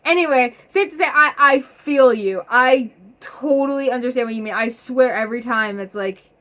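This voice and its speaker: A young woman chats at home as she reads out stories her viewers sent in. She talks in an energetic, rambling way and drops plenty of casual fillers. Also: a little high, moderate pace. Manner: energetic and chatty, with many fillers. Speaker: vlogger reading submitted stories. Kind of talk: casual chat, reading aloud.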